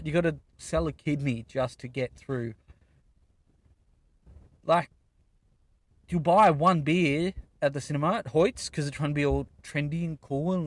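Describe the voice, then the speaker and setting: A young Australian man in his twenties hosts a podcast from inside a car, delivering a casual, profane solo rant. His voice sits on the high side, and the recording is dry.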